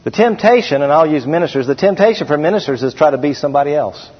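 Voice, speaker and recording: A middle-aged man preaching a sermon as pastor, slowing down and stressing the scripture verses he reads aloud. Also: a little high, lively intonation, slightly rough. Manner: preaching with slowed, emphatic scripture reading. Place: church sanctuary. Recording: dull, hall-echoed church recording.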